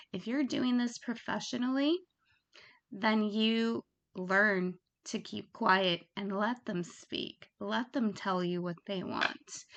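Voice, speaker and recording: A woman's voice: medium pitch, creaky, fairly bright tone. A woman giving frank, chatty tips on phone work in a casual instructional talk. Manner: frank, chatty, laughs at her own examples. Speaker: phone sex operator coach.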